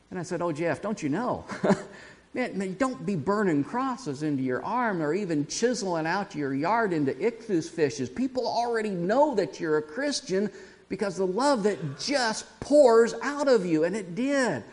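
Man, pastor, sermon storytelling, lively delivery, slightly high voice. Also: normal speed. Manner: animated storyteller, many restarts, laughs along with the audience.

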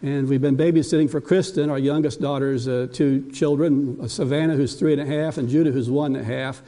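Folksy older pastor with a mellow voice. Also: male voice, medium pitch, fairly even intonation, a little fast. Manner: folksy, self-deprecating, with frequent restarts. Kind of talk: sermon with personal anecdotes. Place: church.

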